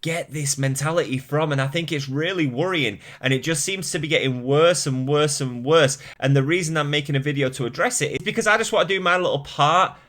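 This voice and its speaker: A man's voice: a little high, fairly quick, hardly any pauses, fairly bright tone. Man, mild Mancunian accent, candid vlog rant, exasperated, self-mocking laughs, casual swearing. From Manchester, England. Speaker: fitness YouTuber.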